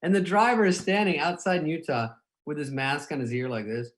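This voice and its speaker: A man's voice: fairly high pitch, a little fast. A man in his fifties, a comedian telling rambling anecdotes in casual chat, often laughing at his own stories. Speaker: comedian guest.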